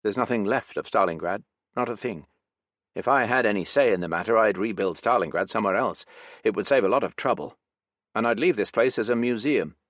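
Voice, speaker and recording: A man's voice: lowish voice, fairly quick, fairly bright tone, no echo. A man voicing a weary, talkative Soviet gunner in an audiobook.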